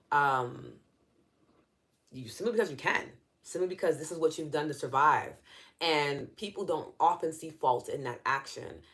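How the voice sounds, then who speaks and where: A woman with a New York accent leads a live online session, her voice sitting notably low. She explains in an earnest, conversational way and responds to her viewers' comments as she goes. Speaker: EFT session host.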